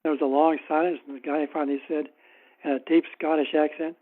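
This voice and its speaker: Male author guest with a slightly high voice, wry and anecdotal, on a tinny phone-like line. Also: little pitch movement, a little fast. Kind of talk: casual interview storytelling.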